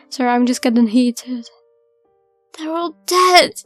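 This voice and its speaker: A woman's voice: high-pitched, slow, pauses often, no echo, faint music behind. A woman streamer giving chatty gameplay commentary that swings into heated outbursts. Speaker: let's play streamer.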